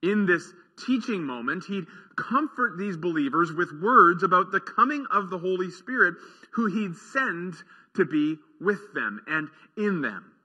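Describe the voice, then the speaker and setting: Slow, earnest male preacher in a reverberant hall. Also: high voice, expressive, bright, forceful tone, breathy edge. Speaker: pastor. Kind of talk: sermon.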